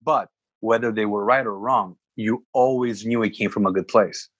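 A man co-hosting a casual podcast about fathers, telling stories in an animated way and repeating words for emphasis. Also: on the low side, normal speed, slightly rough, dry recording, lo-fi sound. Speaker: podcast co-host. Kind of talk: casual chat.

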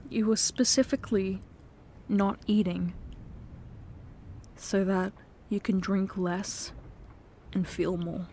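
A woman doing a whispered role-play as a girlfriend, speaking in a tender, pleading, soft-spoken way. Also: mid-range voice, steady tone, takes it slowly, pauses often, slight background noise. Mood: concerned. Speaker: ASMR performer.

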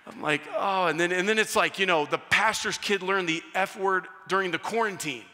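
A male pastor talks through a chatty sermon, bright and forceful, in a fairly high voice. He mocks himself as he goes. His words ring out with a long reverb from a large hall. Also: normal speed. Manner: animated, self-mocking, acts out a crying child in high pitch. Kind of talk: conversational sermon with storytelling.

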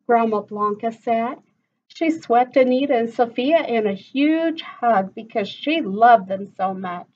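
A woman's voice: fairly high pitch, animated, measured pace, darkish tone, muffled recording. A woman teacher reading a picture book aloud to children, stopping to ask them questions. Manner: stops to ask listeners questions.

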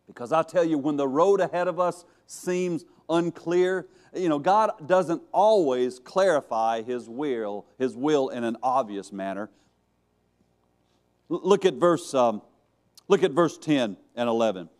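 A man preaching a sermon, moving from strong emphasis to hushed soft passages, with some stumbling restarts. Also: on the high side, measured pace. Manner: dramatic shifts to hushed, soft delivery for quiet passages; stumbling restarts and repeated words. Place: church sanctuary.

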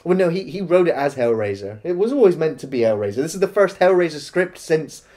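A man co-hosting a casual film review, calmly recapping scenes and defending the parts he liked. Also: a little high. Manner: measured, recapping the plot and defending points.

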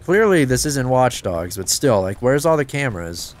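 A man giving casual let's-play commentary, excitable, talking to himself and swearing, with sudden yelps of surprise. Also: medium pitch, normal speed. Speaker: gameplay commentator.

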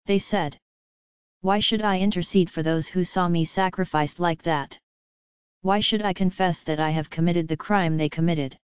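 A woman reads as a distressed young noblewoman who pleads her case earnestly. The voice is very smooth and clear, pitched a little low. The sound is muffled and dry. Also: normal speed, dry recording, close to an everyday voice. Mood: pleading. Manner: earnest, pleading formal speech.

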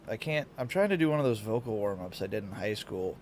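A man's voice: fairly low pitch, moderate pace, pauses often, a little mellow, slight background noise. A male streamer with a sleepy morning voice and stuffy sinuses, chatting loosely and chuckling at a desk mic at home. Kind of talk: casual game-stream chat.

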